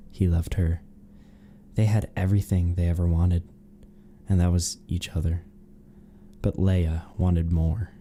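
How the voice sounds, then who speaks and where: Podcast co-host, man, giggly rambler, mellow low tone. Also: slight background noise. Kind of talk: casual chat, reading fanfiction aloud.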